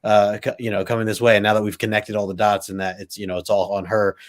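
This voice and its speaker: Low-voiced man rambling about comics. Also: level tone, fast talker. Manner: rambling, many likes and ums, laughs easily. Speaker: co-host. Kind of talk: casual comic book discussion.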